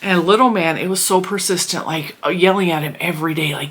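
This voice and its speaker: Chatty woman vlogger, slightly low voice. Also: fairly quick, a bit bright. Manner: chatty, rambling, with frequent fillers and restarts. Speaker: crochet vlogger. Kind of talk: casual chat.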